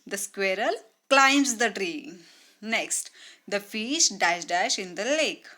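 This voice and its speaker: A woman teaching a grammar lesson to young children, slow and deliberate, repeating words and mimicking animal sounds. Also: medium pitch, animated, pushed and bright.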